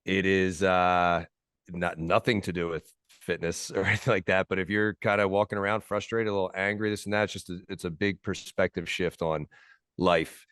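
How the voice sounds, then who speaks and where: Laid-back low-voiced guest, dry close sound. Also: male voice, little pitch movement, moderate pace, clean tone, no room sound. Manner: laid-back, slangy, trails off quietly. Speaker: podcast guest. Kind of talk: casual podcast chat.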